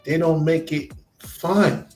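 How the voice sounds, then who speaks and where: A man chatting casually in animated storytelling, jumping to quoted voices. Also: fairly high pitch, slow, echoey room, soft background music. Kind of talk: casual chat.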